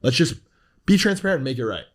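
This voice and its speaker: A man's voice: medium pitch, very animated, fast. A man, a podcast guest who talks bluntly, rambles with fillers and swears often. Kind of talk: casual podcast talk.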